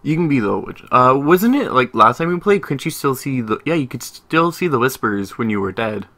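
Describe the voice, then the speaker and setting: A man's voice: mid-range voice, expressive, fairly quick, sharp tone. Wry man chatting over a game. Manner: wry, joking commentary. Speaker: gaming video host. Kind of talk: casual gameplay chat.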